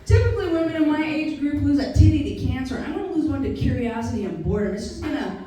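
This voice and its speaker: A brash woman in her fifties works a live stand-up set, firing off profane, self-mocking punchlines in a voice sitting a touch high for a woman. She sounds some distance from the mic, inside a very echoey room. Audience laughter and chatter are clearly audible behind her. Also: quick pace, warm tone, a little hiss or hum. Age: 50s. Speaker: stand-up comedian. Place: live comedy venue.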